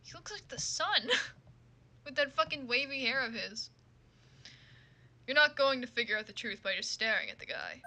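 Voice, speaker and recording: A woman's voice: a little high, animated, normal speed, pauses often, sharp tone, a little hiss or hum. A woman voicing a game playthrough, commenting casually, joking, swearing and laughing. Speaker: let's play gamer voicing the characters.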